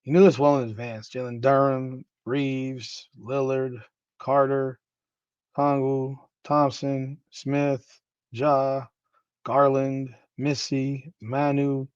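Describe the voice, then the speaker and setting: A man's voice: mid-range voice, little pitch movement, takes it slowly, a little mellow, clean tone, dry recording. Offhand man rattling off names. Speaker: card-breaking host. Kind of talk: casual card-opening commentary. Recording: dry, slightly dull recording.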